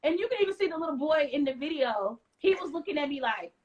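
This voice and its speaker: A woman from the United States recounts her story as an interview guest, her voice pitched high. She talks in an animated way and slips into the voices of the people she quotes. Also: fast, highs cut off. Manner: lively retelling with acted-out quotes.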